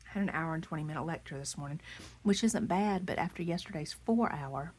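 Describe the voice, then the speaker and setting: A woman, hoarse from losing her voice, chatting casually as she shows off handmade craft pieces, gushing and often dropping into soft half-whispers. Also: deep voice, fairly quick. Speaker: craft vlogger. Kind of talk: casual show-and-tell chat.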